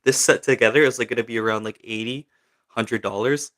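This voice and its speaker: A young man chats with his livestream audience, reading their questions aloud and answering with a rambling, filler-laden style. He speaks briskly in a mid-range, slightly bright voice with fairly even intonation.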